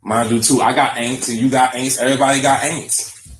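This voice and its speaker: A man's voice: mid-range voice, level tone, fairly quick, poor audio. A man with a Virginia accent hosting a joking live chat, rambling and repeating his phrases in playful slang. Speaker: show host. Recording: faint background noise.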